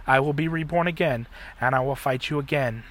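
A man's voice: medium pitch, brisk, lightly acted. A man quoting a resolute young hero. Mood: defiant.

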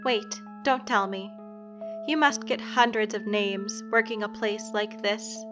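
A woman's voice: mid-range voice, slow, over music, natural voice. A woman voicing a guarded, inhuman woman who poses as a witch, speaking blunt and clipped. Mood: probing.

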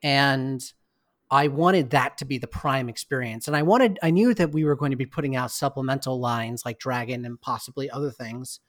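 A man's voice: medium pitch, normal speed, fairly bright tone, no echo, studio quality. A man being interviewed as a guest on a podcast, speaking candidly and reflectively. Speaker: game designer guest. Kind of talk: casual interview talk.

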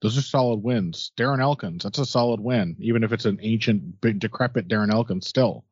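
Husky-voiced male podcast co-host. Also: on the low side, fairly quick, no echo. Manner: wry, laughing, knowledgeable. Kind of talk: casual sports podcast chat. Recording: dull, lo-fi dry sound.

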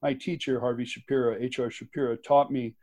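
A man's voice: mid-range voice, level tone, a little fast, a little mellow. A man speaking as a guest author and activist in an interview, talking with passion and emphasis, laughing often and restarting his sentences. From United States. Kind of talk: conversational interview.

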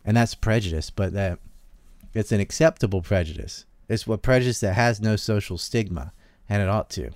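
Low-voiced Southern-raised man rambling. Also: moderate pace, darkish tone, dry recording, clean studio sound. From American South. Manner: rambling, trails off and restarts, laughs often. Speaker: podcast host. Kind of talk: casual political chat.

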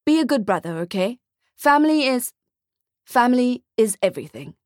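A woman voicing a tired middle-aged man working as a mall Santa, patient with a dry, gently wry way of talking. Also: fairly high pitch, very animated, normal speed, dry recording, voice pushed up.

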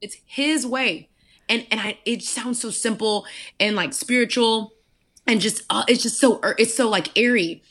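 A woman's voice: on the high side, normal speed, a bit bright. A woman guest on a podcast, talking about faith and praying aloud with feeling, emphatic and full of restarts. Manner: emotional, emphatic, with repeated restarts. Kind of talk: heartfelt faith talk and spoken prayer. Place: podcast interview.

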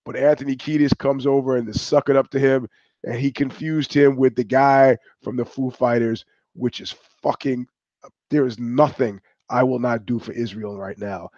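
An older man hosts a livestream, his medium-pitched, darkish voice staying fairly even at a normal speed, with no echo. The casual monologue is rambling, profane, and full of digressions. The stream audio is dull, dry, and lo-fi.

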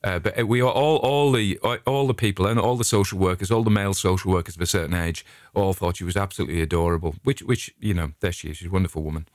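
A middle-aged man with an English accent and a notably low voice ambles through his anecdotes in a relaxed, digressive way. The sound is close and dry, with no room around it. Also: fast, dry recording. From England. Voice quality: chatty anecdotal storyteller, digressive. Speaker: vlogger. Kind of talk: casual rambling monologue.

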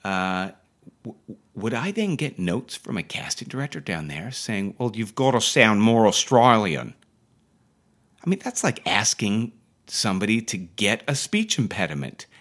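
A man's voice: lowish voice, sing-song, normal speed, fairly bright tone. A man teaching acting on a podcast, talking casually and enthusiastically, with restarts and digressions. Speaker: acting coach.

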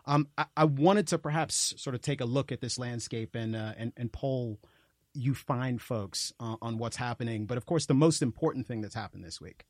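A man hosting a podcast, speaking haltingly with many pauses and fillers, in a dry ironic tone. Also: mid-range voice, darkish tone, no echo. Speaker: podcast host.

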